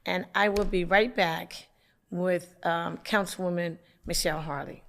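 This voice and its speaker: A councilwoman from hosting a local community TV show, with the hiccups, making announcements in a halting way with many fillers. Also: fairly low pitch, steady tone, gravelly. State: has the hiccups.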